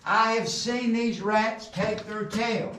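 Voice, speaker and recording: A middle-aged coal mine tour guide talks slowly, with fairly even intonation and a slightly bright, fairly high voice that echoes around the tunnels. He tells folksy stories and jokes and quizzes the group, heard from a distance with faint noise behind.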